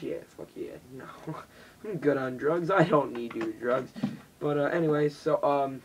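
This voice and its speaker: A teenage boy vlogging in casual chat, rambling and swearing, jumping between loud bursts and whispers. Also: a little high, a little slow, far from the mic, highs cut off, slight background noise. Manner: rambling, swearing, jumpy loudness with mock voices and whispers. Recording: voice drifting off the mic.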